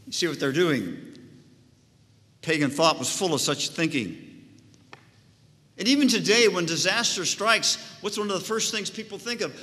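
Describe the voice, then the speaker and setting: A man's voice: sits high, lively intonation, measured pace, long pauses, bright, forceful tone. A male pastor preaching a sermon with an emphatic, rising and falling cadence. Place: church sanctuary. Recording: long church reverb.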